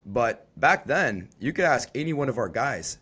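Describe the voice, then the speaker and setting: A man's voice: mid-range voice, very animated, normal speed, a bit bright, husky. A man in his forties who co-owns a construction company, talking bluntly and casually on a podcast, cursing freely. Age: 40s. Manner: blunt, swears freely, restarts words.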